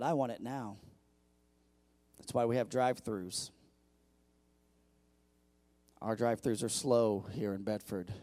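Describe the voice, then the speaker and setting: Man preaching a lively sermon. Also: medium pitch, dry recording. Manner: lively preaching, swinging from loud peaks to quiet asides; repeats words when building up. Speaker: pastor.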